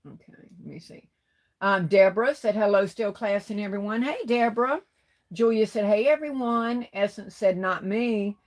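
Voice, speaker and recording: A woman's voice: medium pitch, normal speed. A middle-aged woman hosting a livestream, reading viewers' comments and greeting each by name as sweetheart and baby, saying y'all. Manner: Southern-style speech with y'all. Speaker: livestream host reading chat. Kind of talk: casual live-stream chat.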